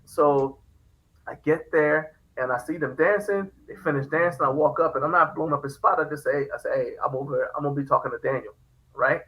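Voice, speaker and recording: A man's voice: a little high, brisk, a bit bright, low-quality recording. A man hosting a podcast, telling a story in casual chat and acting out the quoted lines. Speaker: podcast host.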